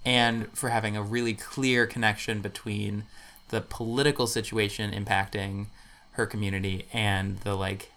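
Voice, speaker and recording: A man hosting a podcast, telling history in casual chat with dry, deadpan jokes. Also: on the low side. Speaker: podcast host presenting history.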